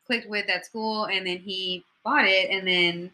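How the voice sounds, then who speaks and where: A woman co-hosting a casual live stream, chatty and quick to laugh. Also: medium pitch, fairly even intonation, sharp tone. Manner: giggly, chatty, laughs often. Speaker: co-host of a live movie chat stream.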